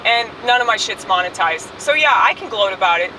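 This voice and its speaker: Her mid-range voice is animated and moderately paced as this online comedian rants brashly and profanely while driving. She films herself on a handheld phone, so she sounds distant, with background noise from the moving car.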